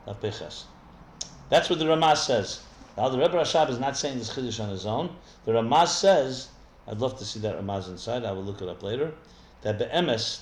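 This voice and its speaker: A man's voice: mid-range voice, slight background noise. A man teaching as a rabbi in a live text study class, explaining as he goes and often restarting his sentences. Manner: thinks aloud with many restarts, explanatory. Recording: echoey room with faint ambience.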